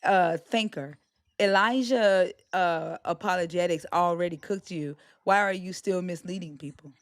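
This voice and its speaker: A woman's voice: lowish voice, unhurried, no room sound, studio quality. A woman hosting a live stream, talking in a brash, profane, taunting way. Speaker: livestream host. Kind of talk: heated live-stream rant.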